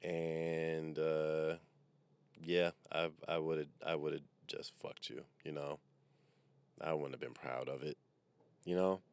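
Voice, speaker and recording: Speaking from his parked car, a man with an extremely deep, low voice rambles loosely into a mic, wisecracking through a casual, profanity-filled monologue like a comedian riffing on his own podcast. His delivery is slow and clear with little pitch movement, and the resonant tone comes through on a dry recording.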